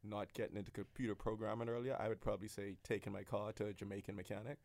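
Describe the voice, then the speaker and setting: A man's voice: fairly low pitch, flat delivery, racing, creaky, a little mellow, dry recording. A young man co-hosting a podcast, telling a story in a sheepish, laughing way. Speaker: podcast co-host. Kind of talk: casual chat.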